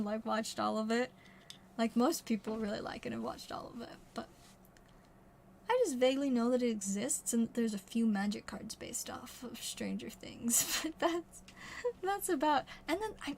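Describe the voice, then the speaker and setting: A woman's voice: a little high, slight background noise. A young adult woman livestreaming card pack openings, rambling chattily and often correcting herself. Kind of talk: casual chat.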